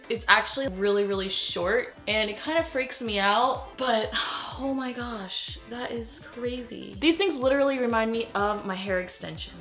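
A young woman vlogging casually in front of a mirror, excitable and gushing, often gasping and exclaiming. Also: a little high. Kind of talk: casual vlog chat. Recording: roomy echo with faint background music.

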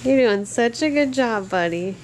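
Young mom, higher voice, very lively sing-song baby talk, slow and cooing, recorded on a home camera. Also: female voice, a little hiss or hum. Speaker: mother filming her babies. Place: home living room. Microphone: handheld camera.

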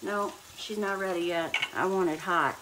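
A woman's voice: fairly low pitch, moderate pace, far from the mic. A woman hosting a casual cooking livestream from her home kitchen, chatting straight to her viewers as she cooks. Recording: noisy home recording with clicks.

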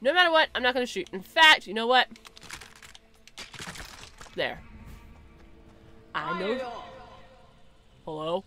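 A young woman streaming a game, chatting casually, giggling and calling out excitedly to the animals in the game. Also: on the high side, slow, long pauses, soft background music. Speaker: gaming streamer. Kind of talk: casual gameplay commentary.

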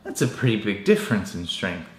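Young man, fitness vlogger, deadpan, self-mocking, swears casually, drained, somewhat low voice, echoey room. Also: a little fast. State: drained and lightheaded from dieting. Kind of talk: casual vlog talk.

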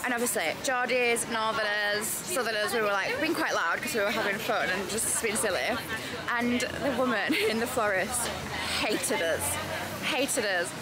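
A woman's voice: fairly high pitch, moderate pace, a loud crowd. A woman in her thirties from England, chatting casually to her phone camera in a vlog and laughing often as she talks. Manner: chatty, bubbly, laughs a lot mid-sentence. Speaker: vlogger. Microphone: handheld phone camera at arm's length.

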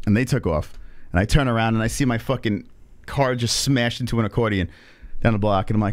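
A man's voice: mid-range voice, brisk, no room sound. A man hosting a live stream, telling a story in a casual, profane way and acting out the people he quotes. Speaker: stream host.

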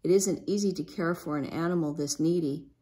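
A woman voicing a kind, worried father on a ranch, speaking slowly in a low hushed voice. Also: close to an everyday voice. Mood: gently worried.

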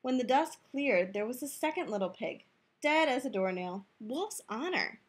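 A woman reads a picture book aloud in a youth room, telling it in first person as the wolf. Her delivery is playful and expressive, her voice somewhat high and a little husky, with pitch that rises and falls a great deal. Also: normal speed. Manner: playful, expressive storybook reading. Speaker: storyteller.

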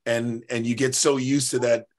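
Man, singer guest, earnest, long flowing answers, mid pitch. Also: level tone, moderate pace. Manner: earnest, talks in long runs with restarts. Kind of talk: casual interview chat.

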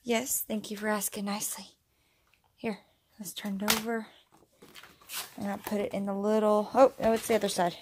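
A woman's voice: mid-range voice, level tone, normal speed, long pauses, noisy background. A young woman chatting casually in a family vlog, upbeat and sing-song when she talks to her kids. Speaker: family vlogger and mother.

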